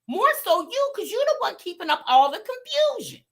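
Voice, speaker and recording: A woman hosting a reaction channel, giving animated casual commentary straight to her viewers. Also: very high voice, normal speed.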